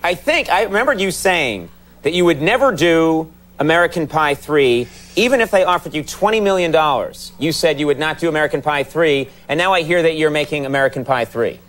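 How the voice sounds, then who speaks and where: A man's voice: a little high, lively intonation, fairly quick, a bit bright. A man hosting a late-night talk show, teasing his guest with joking banter. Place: television studio. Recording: studio audience, noisy broadcast.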